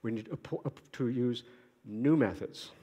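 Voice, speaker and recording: A man giving an academic conference lecture in a lively, joking way, asking rhetorical questions. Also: medium pitch, takes it slowly, slightly rough. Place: lecture hall. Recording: echoey lecture hall.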